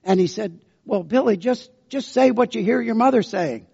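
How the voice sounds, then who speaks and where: A man preaching a sermon as pastor, telling folksy, unhurried stories. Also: high-pitched, vocal fry, warm tone, slightly rough. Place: church sanctuary. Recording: dull lo-fi sound with long church reverb.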